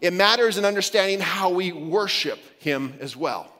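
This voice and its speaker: A man with a fairly high voice preaches to his congregation in an easy, conversational way, joking now and then and restarting his sentences. His words ring out with the long reverb of a large church hall. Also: expressive, moderate pace, pushed and bright. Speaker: pastor. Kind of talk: sermon. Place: church sanctuary.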